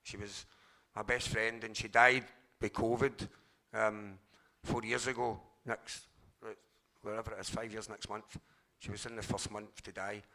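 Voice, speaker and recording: A middle-aged man with a Glaswegian Scottish accent, giving a candid, halting personal share at a recovery convention, swearing freely. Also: lowish voice, pushed and bright. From Scotland, Glasgow. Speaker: speaker sharing at a recovery convention.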